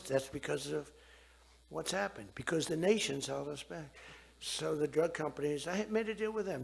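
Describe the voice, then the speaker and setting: A man's voice: a little high, normal speed, creaky, breathy edge. A man in his seventies giving a rambling speech, digressing and repeating himself.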